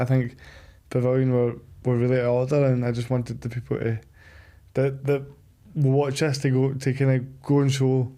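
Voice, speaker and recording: Flat, mellow man hosting. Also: mid-range voice. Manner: hesitant, repeats words. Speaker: podcast host. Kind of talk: heartfelt casual chat.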